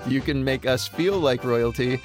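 A man's voice: mid-range voice, normal speed, over music. A man co-hosting a radio show who banters and reads out the show's contact details. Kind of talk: casual banter.

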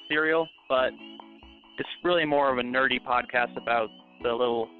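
A man's voice: mid-range voice, normal speed, faint music behind. A man leaving a casual, earnest voicemail recommending a podcast. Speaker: voicemail caller. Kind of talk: phone voicemail message. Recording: tinny phone-line voicemail.

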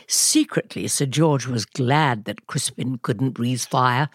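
A woman host reading a children's storybook aloud in a gentle, expressive way. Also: very deep voice, slow pace, hardly any pauses, slightly rough. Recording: music bed under the voice.

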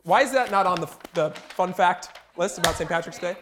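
A man co-hosting a comedy podcast, wry and quick to laugh. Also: sits high, noisy background. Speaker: podcast co-host. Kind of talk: casual comedic chat.

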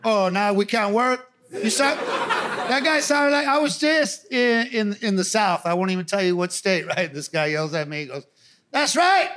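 A man with a sharp, high voice does a stand-up set at a comedy club, speaking at normal speed in punchy slang with a laughing tone. Crowd noise from the live audience is audible.

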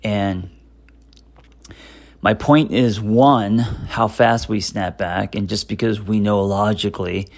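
Middle-aged male therapist-host, gravelly and low, talking off the cuff with plenty of ums. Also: fairly even intonation, slow pace. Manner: hesitant, lots of fillers and restarts, candid. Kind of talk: casual self-help monologue.

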